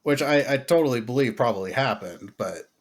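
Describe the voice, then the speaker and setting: A man's voice: medium pitch, fairly quick. A young man co-hosting a podcast, chatting casually and profanely, leaning on "like" as he tells stories. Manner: profane, animated storytelling with filler "like". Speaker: podcast co-host. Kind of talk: casual chat.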